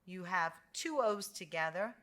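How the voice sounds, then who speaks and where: An American woman teaching English pronunciation, drawing out sounds slowly and praising each try. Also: lowish voice, animated, fairly bright tone. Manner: slow, patient, drawn-out sounds for repetition; encouraging praise after each drill. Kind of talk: slow phonics lesson.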